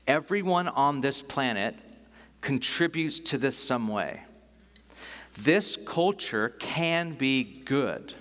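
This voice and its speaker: A man's voice: mid-range voice, lively intonation, normal speed, fairly bright tone. A man preaching a sermon in a conversational, enthusiastic way, often restarting his sentences. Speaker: pastor. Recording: long hall reverb.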